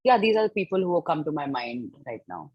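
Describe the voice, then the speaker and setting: A young Indian woman, an actress, chatting in an interview in an animated, excitable way with a husky voice and Indian English accent. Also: sits low, a little fast, no room sound, highs cut off. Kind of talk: casual interview chat.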